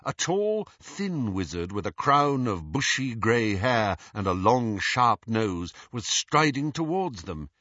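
Animated, bright male audiobook narrator. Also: mid-range voice, takes it slowly, hardly any pauses, no echo, muffled recording. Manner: expressive, animated reading. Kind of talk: scripted narration.

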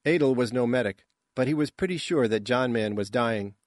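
A man giving scripted audiobook narration in a measured, even tone. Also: medium pitch, no room sound, studio quality.

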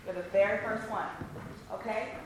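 A woman giving brisk rehearsal notes to a cast as their choreographer, checking often that they understand. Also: mid-range voice, steady tone. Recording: echoey room, taped from far off, noisy.

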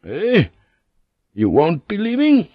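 A man's voice: mid-range voice, moderate pace, dry recording, dull audio, close to an everyday voice. A man voicing a loyal, blunt old samurai general in an audiobook, eager and deferential. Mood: astonished. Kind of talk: audiobook character voice.

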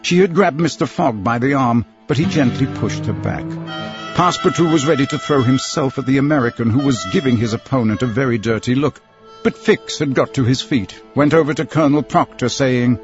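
A man narrating an audiobook in an expressive storytelling manner. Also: mid-range voice, brisk, music in the background. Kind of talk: scripted narration. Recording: dull, dry recording.

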